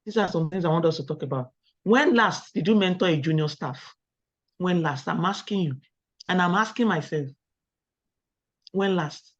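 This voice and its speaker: A middle-aged Nigerian woman giving a webinar talk, firing rhetorical questions at the audience and telling lively personal stories. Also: on the low side, moderate pace, long pauses. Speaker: academic webinar speaker. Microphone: video call. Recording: dull lo-fi online call audio.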